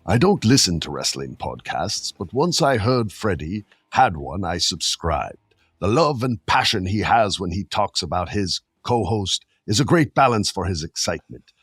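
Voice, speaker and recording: A man doing a gruff old British gentleman, reading aloud in a low, mock-formal put-on voice. The accent is deliberately hammy, and the sound is dry and close. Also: big pitch swings, no room sound, faint music behind, full character voice. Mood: mock-solemn.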